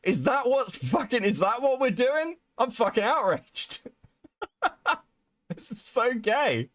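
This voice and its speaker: A man's voice: very high voice, sing-song, takes it slowly, fairly bright tone, no echo. A man hosting a podcast, ranting in a sweary, incredulous way about online drama. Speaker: podcast host. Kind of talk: casual drama commentary.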